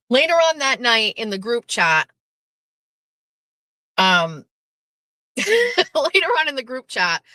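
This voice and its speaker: A woman hosting a show, telling a story in a casual, animated monologue, blunt and swearing freely as she acts out what people said. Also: fairly high pitch, dry recording. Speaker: show host.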